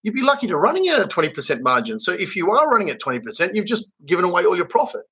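A man's voice: sits high, wildly swooping pitch, very fast, sharp tone, slightly rough. A man with an Australian accent hosting a podcast, talking earnestly about his trade business with many restarts and rambling asides. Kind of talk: casual podcast chat.

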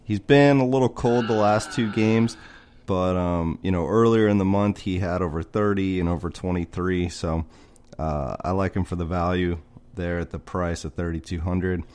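Guy with a lowish smooth voice going thru fantasy picks, calm and methodical. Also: normal speed. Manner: steady, methodical, lists players and prices. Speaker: co-host picking fantasy lineups. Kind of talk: casual podcast chat.

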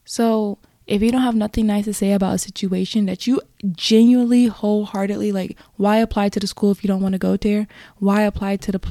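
A woman hosts a casual motivational podcast, speaking earnestly and encouragingly to her listeners. Her voice is warm and mellow, and she often wanders into rambling asides. The sound is dry and close, with no room echo. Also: mid-range voice. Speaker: podcast host.

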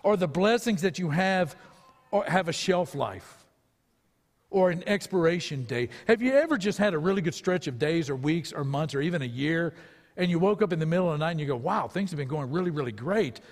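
High-voiced man preaching a sermon. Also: animated, brisk, big-room sound. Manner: earnest preaching with rhetorical questions. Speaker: pastor.

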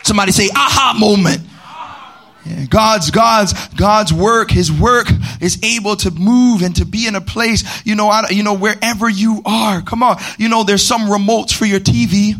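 A man pastor preaching a sermon at a church service, calling out to the congregation and rising into sung, shouted cadences. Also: sits high, steady tone, normal speed.

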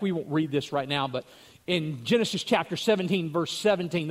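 A man, the pastor, giving a conversational sermon, telling stories with chuckles and repeating words as he goes. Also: high-pitched.

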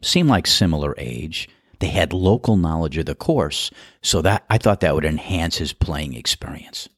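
Deep-voiced chatty man telling a story. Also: moderate pace, dry recording, clean studio sound. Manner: relaxed, chatty, amused. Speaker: podcast host and golf course starter. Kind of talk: storytelling monologue.

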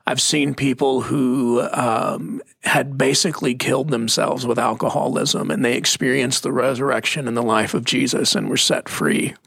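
Gravelly husky man, storytelling pastor. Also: mid-range voice, steady tone, normal speed, hardly any pauses, a bit bright, dry recording, clean studio sound. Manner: storytelling, emphatic. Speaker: pastor co-hosting a faith talk. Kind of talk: casual conversational preaching.

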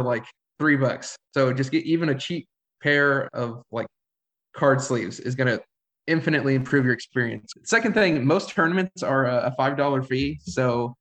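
Male podcast co-host, plain practical advice, relaxed chat. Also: medium pitch. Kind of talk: casual chat.

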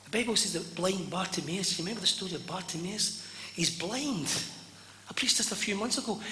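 A man preaching a sermon to a congregation, swinging from loud fervent cries to hushed near-whispers. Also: high-pitched, lively intonation, brisk, a little hiss or hum. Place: church hall. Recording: echoey hall with long reverb.

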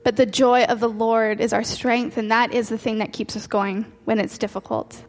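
With a slightly high voice and flat delivery, she preaches at a moderate pace, returning again and again to key phrases. Faint music and lengthy hall reverb surround the recording.

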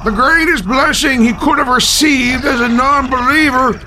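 A man's voice: very high-pitched, moderate pace, sharp tone, a little hiss or hum, pitched above the performer's own voice, heavily acted. A man voicing a stern, fanatical uncle who acts as a cult elder, matter-of-fact and cold.

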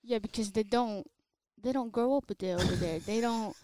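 A woman's voice: fairly high pitch, normal speed, dark tone, no room sound. A woman, a soccer player, chatting easily as a podcast guest and telling stories. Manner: easygoing, storytelling. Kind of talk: casual interview chat.

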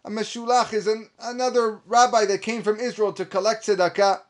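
Male rabbi, sermon delivery, high-pitched voice, impassioned and emphatic, Hebrew phrases woven in. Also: level tone, a little fast. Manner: impassioned preaching, rising to emphatic high peaks.

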